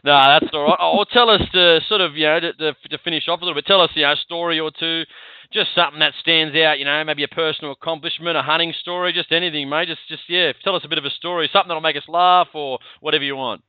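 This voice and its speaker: Aussie host guy, easygoing, quick talker, dry tinny phone line. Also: a little high, fairly even intonation, clear, resonant tone, dry recording. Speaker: podcast host. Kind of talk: casual interview chat.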